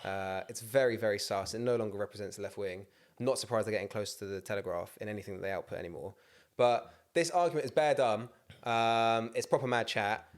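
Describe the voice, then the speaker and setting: A man's voice: fairly low pitch, a little fast. A man co-hosting a podcast, sardonic and sweary in casual chat. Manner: sardonic, sweary, slang-laced. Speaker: podcast co-host.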